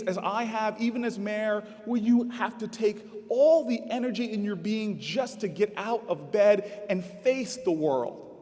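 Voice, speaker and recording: High-voiced man in a reverberant venue. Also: darkish tone. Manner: candid, emphatic storytelling. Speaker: commencement speaker, city mayor. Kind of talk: commencement address. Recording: long reverb of a large venue.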